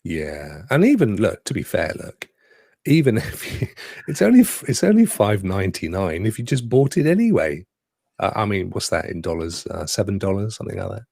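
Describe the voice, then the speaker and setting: A man's voice: fairly low pitch, sing-song, moderate pace, creaky, darkish tone, no room sound, studio quality. A man co-hosting a live gaming stream, chatting casually with rhetorical asides and frequent laughs. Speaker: podcast co-host.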